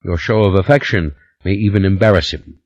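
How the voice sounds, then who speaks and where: A man reading an audiobook, voicing a big, calm man with a Scandinavian accent who speaks in a low, conciliatory way. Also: fairly quick, no echo, muffled recording.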